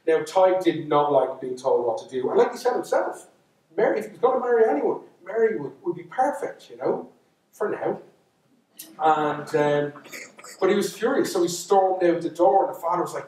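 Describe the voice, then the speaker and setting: An Irish storyteller with a rather high, expressive, darkish voice tells a folk tale to a live audience at a moderate pace, pausing for chatty asides. He is recorded from a distance, off the mic, and his voice echoes around a large hall.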